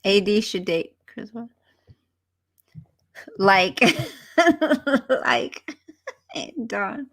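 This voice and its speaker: A woman's voice: medium pitch, animated, very slow, long pauses, a bit bright. A woman hosting a casual livestream, chatting to viewers by name and now and then dropping into whispered asides. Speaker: livestream host. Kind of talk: casual livestream chat, reading viewer comments.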